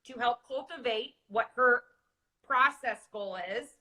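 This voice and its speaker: A woman co-host explains a coaching method through a worked example. Her voice is notably bright and sits fairly high. She sounds affirming and keeps the talk clear and practical. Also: a little slow, poor audio. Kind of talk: casual coaching chat.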